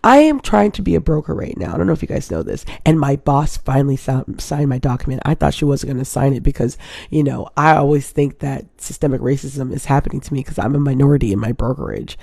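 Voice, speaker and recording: A woman in her thirties from Hawaii hosts a casual live stream, chatting and rambling while she keeps talking to her viewers. Her bass voice is quick, gravelly and warm, captured as clean studio sound with no room sound.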